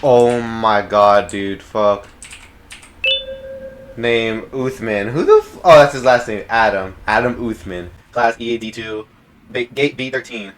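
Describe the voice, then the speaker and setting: A young man playing a horror game, swearing in panic, yelling at monsters and muttering low when tense. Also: unhurried, background noise. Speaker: gamer.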